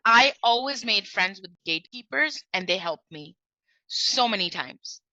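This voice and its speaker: A woman sharing sales tips as a trainer, telling stories in a lively way and acting out the dialogue. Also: medium pitch, a little slow, no room sound, muffled recording.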